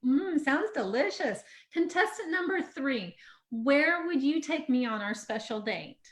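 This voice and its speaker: Woman, high lively voice, sweet, earnest, dating-show contestant, improv role. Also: a little slow. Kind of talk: improv comedy over a video call.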